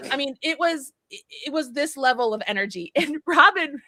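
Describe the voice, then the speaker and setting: High bright-voiced woman storyteller. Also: fairly quick, no room sound, clean studio sound. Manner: animated storyteller, acts out dialogue, swears freely. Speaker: podcast host. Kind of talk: casual chat.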